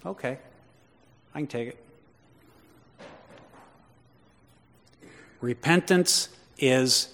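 A man preaching a sermon to his congregation, swinging between loud emphatic lines and quiet conversational asides with questions to the listeners. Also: medium pitch, drawn-out words, long pauses. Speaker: pastor. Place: church. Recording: long reverb of a large hall.

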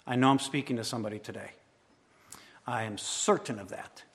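Emphatic preacher in a reverberant hall. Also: male voice, mid-range voice, a little fast, breathy edge. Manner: swings from loud emphatic declarations to quiet intimate asides. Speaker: pastor. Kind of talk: sermon.

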